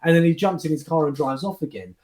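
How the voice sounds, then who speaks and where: A man, a guest magician, chatting casually and telling backstage stories in an animated, restart-heavy way. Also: a little high, fast, echoey room. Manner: animated storyteller, restarts and fillers. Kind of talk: casual chat recounting anecdotes.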